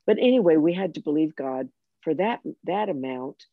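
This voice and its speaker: An older woman telling a personal faith story in conversation, animated and self-mocking, with frequent restarts. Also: sits low, moderate pace, dry recording, narrow, tinny audio. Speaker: guest sharing her testimony.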